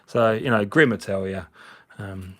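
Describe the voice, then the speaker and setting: Lowish in pitch, unhurried and fairly bright, a man hosts a casual livestream while cleaning finds. He's slightly drunk, jokey and chatty, often laughing with his viewers.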